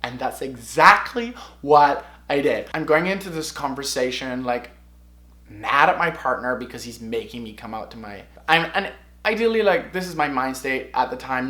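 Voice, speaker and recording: A man's voice: medium pitch, pushed and bright. A man in his twenties telling a personal story to camera. He talks expressively and often asks himself questions, then answers them. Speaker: vlogger. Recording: echoey room.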